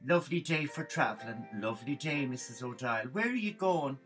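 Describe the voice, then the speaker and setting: A man's voice: medium pitch, expressive, a little fast, over music, lightly acted. A man voicing a nosy, gossiping Irish village woman who talks in a prying, sing-song way.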